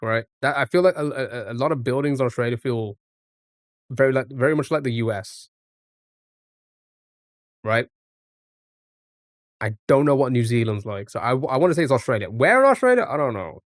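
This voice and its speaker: A man's voice: mid-range voice, moderate pace, pauses often, no room sound, studio quality. A man streaming a guessing game, thinking aloud in a rambling way full of restarts and fillers. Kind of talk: casual live-stream commentary.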